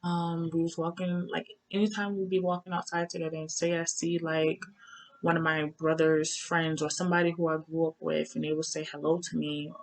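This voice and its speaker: A woman's voice: sits low, little pitch movement, fairly quick, low-quality recording. A young woman telling her own story in a loose, conversational way, repeating her phrases. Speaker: survivor sharing her story. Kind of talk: casual personal storytelling.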